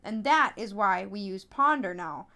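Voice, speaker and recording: A woman telling stories in a casual podcast interview, chatty and animated, with frequent fillers and restarts. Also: measured pace, creaky. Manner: animated storytelling, acts out others in high voices. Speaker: podcast host, app founder being interviewed.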